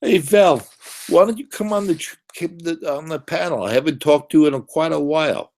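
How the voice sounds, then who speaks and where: A man's voice: fairly high pitch, a little fast, a little mellow. A man hosting a casual live-stream chat who teases guests, swears freely and laughs often. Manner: teasing, profane, laughs often.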